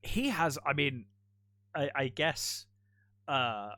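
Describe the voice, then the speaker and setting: A man's voice: on the high side, lively intonation, slow pace, sharp tone, no room sound, clean studio sound. A man co-hosting a podcast, chatting casually about a film, rambling with restarts and frequent laughs. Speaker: podcast co-host. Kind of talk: casual film review chat.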